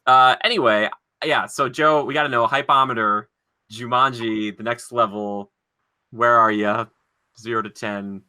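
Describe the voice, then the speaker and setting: A man co-hosting a podcast, chatting casually in a rambling way with lots of fillers and quick laughs. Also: medium pitch, steady tone, pushed and bright, smooth. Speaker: podcast co-host. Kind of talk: casual chat.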